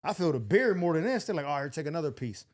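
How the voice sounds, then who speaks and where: A young man telling a wild story in casual chat, animated, swearing freely and acting out the other people's lines. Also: fast. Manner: animated, acts out quotes with big pitch jumps, swears freely. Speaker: podcast host.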